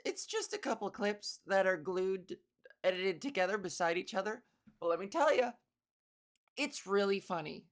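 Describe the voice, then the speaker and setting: A young woman hosting a solo comedy podcast, playful and rambling with mock-theatrical asides. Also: mid-range voice. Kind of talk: casual solo comedy monologue.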